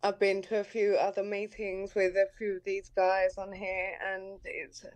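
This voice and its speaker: A woman's voice: medium pitch, completely flat delivery, normal speed, darkish tone. A woman with a London accent sharing at an online recovery meeting, hesitant and full of fillers. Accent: London English. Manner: hesitant, many fillers, grateful. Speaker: meeting participant. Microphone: video call.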